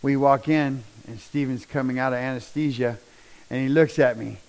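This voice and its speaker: A middle-aged man, telling a personal testimony in a folksy, animated storytelling way. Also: mid-range voice, moderate pace, rough recording. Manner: animated, down-home storyteller with rising bursts of emphasis. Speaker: speaker sharing a personal testimony.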